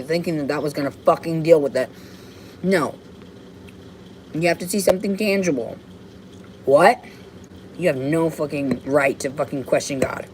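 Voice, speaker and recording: A woman's voice: low-pitched, a little mellow, a little hiss or hum, low-quality recording. A woman on a rambling livestream from her home, ranting and swearing in an agitated way. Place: home, indoors.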